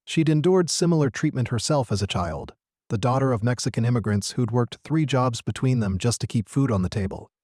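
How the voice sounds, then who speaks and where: A man narrating a scripted story in a steady, earnest manner. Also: medium pitch, brisk, dry recording, studio quality.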